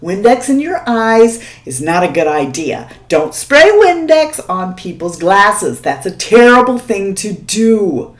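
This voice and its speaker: A woman's voice: medium pitch, big pitch swings, takes it slowly, few pauses. A woman vlogger telling a story in casual chat, laughing often and checking in with the viewer.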